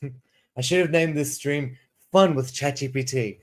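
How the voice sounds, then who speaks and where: A man in his thirties from South Africa, who teaches English and streams, takes things slowly at a medium pitch. He chats casually, wanders off topic, restarts sentences, and reads prompts aloud.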